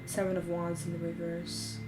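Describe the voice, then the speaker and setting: A woman's voice: lowish voice, completely flat delivery, normal speed, over music. A woman giving a casual tarot reading, chatty and frank, swearing freely and using lots of fillers. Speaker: tarot reader.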